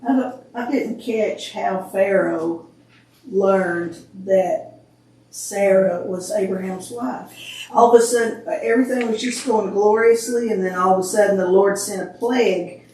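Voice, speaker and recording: A woman's voice: mid-range voice, unhurried, warm tone, far from the mic. A woman in a Bible study group asking puzzled questions and murmuring agreement. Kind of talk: group discussion. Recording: echoey room, off mic, faint clicks.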